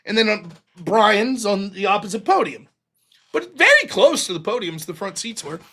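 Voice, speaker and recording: A man's voice: high-pitched, big pitch swings, moderate pace, bright, forceful tone. A man hosting a livestream, ranting casually and profanely about a debate, laughing often. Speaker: livestream host.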